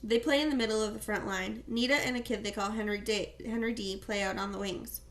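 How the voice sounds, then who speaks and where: A woman reading a first-person novel aloud in a plain, steady storytelling manner. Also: medium pitch, a little fast. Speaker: audiobook reader.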